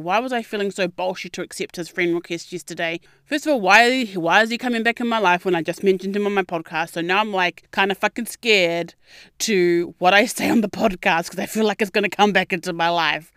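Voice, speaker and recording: A young adult woman, hosting a podcast and telling a personal story in a candid, expressive way, swearing freely and acting out quotes. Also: mid-range voice, clean tone, no room sound, clean studio sound. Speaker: podcast host. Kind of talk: casual storytelling monologue.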